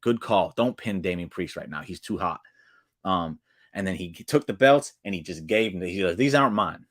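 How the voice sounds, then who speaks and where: A man hosting a casual wrestling recap, talking excitedly in slang and acting out quotes with sudden jumps in pitch. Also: moderate pace, no room sound, clean studio sound.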